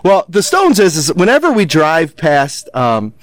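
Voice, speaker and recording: A man in his thirties with a lively, bouncing voice tells jokey family stories and asks questions in a loose, chatty way. His slightly raised pitch sounds close and dry, with no room around it. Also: a little slow, no room sound. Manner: jokey storyteller who laughs often. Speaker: podcast co-host. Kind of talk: casual chat.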